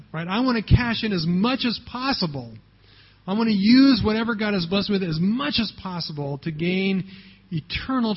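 A man's voice: sits high, husky. A man preaching a sermon as pastor, talking conversationally and often checking in with the congregation, on a dull lo-fi recording.

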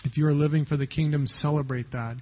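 Pastor guy preaching, kinda high voice, husky, keeps going "right?". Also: fairly even intonation, fast. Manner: conversational, keeps checking in with the congregation. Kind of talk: sermon. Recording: dull lo-fi recording.

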